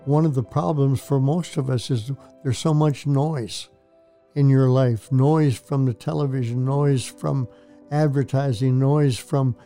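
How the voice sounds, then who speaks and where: A man's voice: mid-range voice, steady tone, measured pace, dark tone, soft background music. An older man, a minister, telling his faith story to an interviewer in an earnest, preacherly way that repeats phrases for emphasis. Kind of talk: testimony in a Christian talk show interview.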